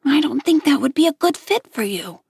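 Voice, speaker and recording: A woman voicing a gentle but firm mother who reasons softly with her son, with a slightly gravelly voice, in a storybook reading. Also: sits high, lively intonation, fairly quick, no room sound, studio quality, voice pushed up. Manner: soothing, reasoning.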